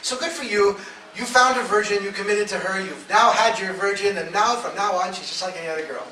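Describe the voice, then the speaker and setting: A man with a fairly high voice delivers a blunt, provocative live talk, slipping into the voices of the people in his stories. The audience phone sits far back in an echoey hall. A steady hiss runs under his voice. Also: a little fast. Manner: storytelling, acts out quoted voices. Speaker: speaker giving a talk. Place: event hall. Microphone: audience phone camera.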